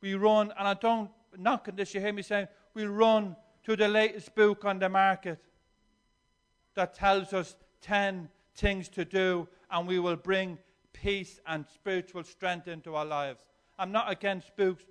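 A man preaching with a notably high voice. He moves between soft, reflective stretches and forceful, emphatic declarations, often restarting and repeating words as he builds a point. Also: a little slow, clear, resonant tone. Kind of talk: sermon.

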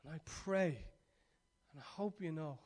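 A man preaching a sermon, swinging between loud urging and hushed, almost whispered passages. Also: on the high side, measured pace.

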